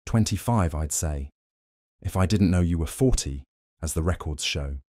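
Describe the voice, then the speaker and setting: A calm, detached government doctor in an audiobook, questioning coolly in a deep, low voice, as a male narrator reads him. The recording is close and dry. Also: no room sound. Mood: probing. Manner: measured, cool questioning.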